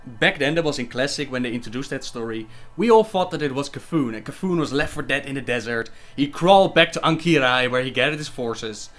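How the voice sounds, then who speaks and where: A man on a casual livestream who reads viewer questions aloud and answers them in a chatty, relaxed way. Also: medium pitch. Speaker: gaming lore livestreamer.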